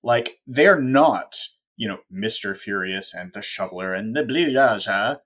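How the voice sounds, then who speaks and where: A man's voice: on the low side, expressive, a little slow, a bit bright. Sarcastic man co-hosting a chat. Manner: sarcastic, wry joking asides. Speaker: podcast co-host. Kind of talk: casual chat.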